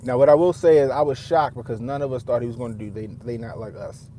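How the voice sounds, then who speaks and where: Rambling, profane man with a mellow voice. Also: mid-range voice, fairly even intonation, quick pace, slight background noise. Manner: profane, rambling, repeats himself. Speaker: commentator; father. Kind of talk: casual commentary.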